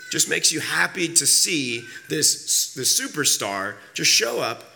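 A man preaching a sermon as pastor. He is getting over a cold, so his voice sits lower than usual, and he talks casually with many fillers and repeated words. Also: sing-song, slow pace, creaky, sharp tone, a little hiss or hum. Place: church sanctuary.

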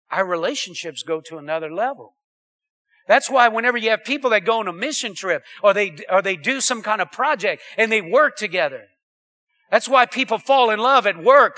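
A man preaching a sermon, calling out to the congregation and swinging from loud to quiet. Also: high-pitched. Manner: animated preaching with audience call-outs. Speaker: pastor.

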